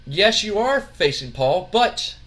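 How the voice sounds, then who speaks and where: A man voicing a scheming young male wrestling executive who talks in a smooth, wheedling way. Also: high-pitched, sing-song, slow pace, a bit bright, full character voice.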